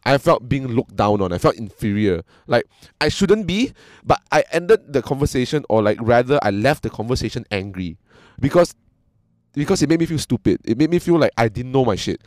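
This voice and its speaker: Brief: a lively, cursing man recounting anecdotes, mid-pitched voice, dry close recording. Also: brisk, no echo. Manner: animated, swears freely, often acts out quoted people. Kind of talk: casual storytelling chat.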